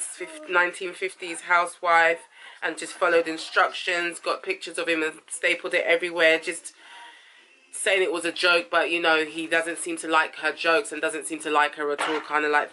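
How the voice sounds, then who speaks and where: A woman chats casually through her review, rambling and correcting herself as she goes. Her voice is bright and forceful. Faint noise hums behind her. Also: lowish voice. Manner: chatty, rambling, self-correcting, says "it is what it is". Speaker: host reviewing a reality TV episode. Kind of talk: casual chat.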